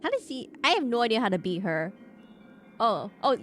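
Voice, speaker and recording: A woman's voice: on the high side, moderate pace. A woman streaming a video game, chatting casually and ranting in a playful, overdramatic way, with faint game music under her voice. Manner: animated, playfully overdramatic rants. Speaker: VTuber streamer.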